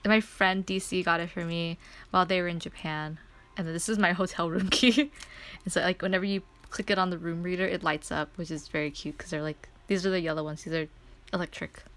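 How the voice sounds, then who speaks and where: In a casual chat, an excitable young woman who streams tells a story, laughing a lot and saying "like" often. Her voice is lowish and she talks fairly quickly.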